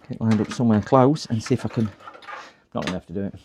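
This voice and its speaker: A man's voice: on the low side, quick pace, darkish tone, slight background noise. A man chatting on a live repair stream, muttering to himself as he works and poking fun at his own mistakes. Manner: chatty, muttering while working, self-mocking.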